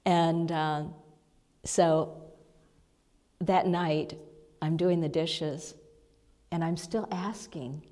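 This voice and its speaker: The long reverb of a large church hall surrounds a woman minister whose low voice keeps a fairly even intonation. Seated before the congregation, she offers a conversational sermon lesson through soft, halting stories, breathy asides, and laughs.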